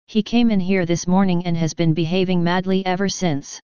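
A woman's voice: lowish voice, fairly even intonation, brisk, mellow, clean tone, no echo, muffled recording, natural voice. A woman voicing a male horse dealer at a bazaar, gossiping in a matter-of-fact way. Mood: scoffing.

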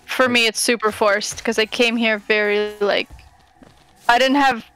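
A woman's voice: on the high side, fairly even intonation, unhurried, fairly bright tone, soft background music, low-quality recording. A woman from Russia chatting casually and teasing her friends. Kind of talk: casual chat.

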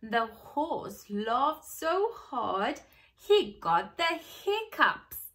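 Preschool teacher, woman, bright voice, expressive read-aloud with questions to children. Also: fairly high pitch. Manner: expressive, pauses to ask the listeners questions. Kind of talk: reading a picture book aloud to children.

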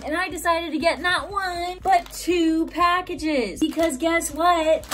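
A woman's voice: very high voice, slow pace, few pauses, a bit bright, rough recording. A young woman talking casually to a camera on a tripod in a room at home, rambling with lots of "like" fillers, blunt and swearing. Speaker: YouTuber reviewing a product. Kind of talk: casual vlog chat. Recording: background noise with clicking sounds.

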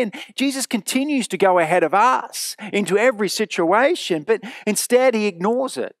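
A man preaching a sermon in a church, earnest and emphatic, slowing down to repeat key phrases. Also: sits high, animated, no room sound, clean studio sound.

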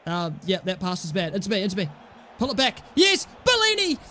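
A young man commentating his own football video game play, swinging from low mumbled asides to loud, shouted goal calls. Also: wildly swooping pitch, normal speed. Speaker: gaming YouTuber. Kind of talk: excitable gameplay commentary.

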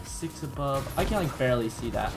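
A man giving chatty, excitable commentary on his own gameplay, with bursts of surprise and self-mocking asides. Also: medium pitch, fairly quick. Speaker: gaming YouTuber. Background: background music.

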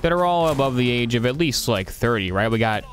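A man's voice: medium pitch, expressive, fairly quick, faint music behind. Joking, rambling male game streamer. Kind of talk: casual live-stream commentary.

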